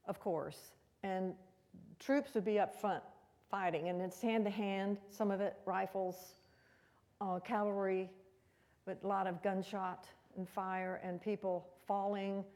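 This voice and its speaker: A woman's voice: medium pitch, fairly even intonation, measured pace, darkish tone, long reverb tail. A woman giving a conversational, rambling history talk as a guest speaker in a museum room.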